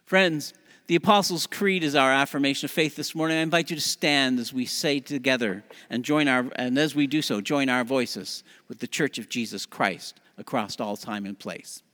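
A man leading a church service, speaking haltingly with fillers before reciting the creed. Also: medium pitch. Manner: halting with many fillers, then steady recitation. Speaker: worship leader. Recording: reverberant church hall.

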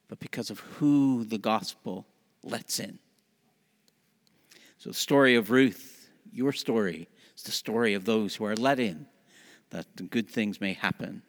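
A man leading a church service, speaking haltingly with fillers before reciting the creed. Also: mid-range voice. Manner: halting with many fillers, then steady recitation. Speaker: worship leader. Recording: reverberant church hall.

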